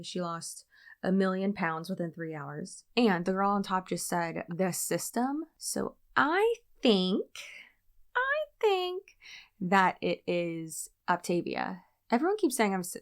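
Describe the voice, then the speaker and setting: A woman hosting a reaction video, giving sarcastic, exasperated commentary with a mocking edge. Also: fairly low pitch.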